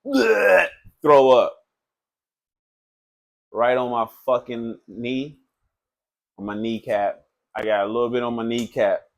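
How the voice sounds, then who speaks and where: A man who works as a tattoo artist, telling a story in a loose, animated, profane way, full of filler phrases. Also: medium pitch, measured pace, pauses often. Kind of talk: casual storytelling.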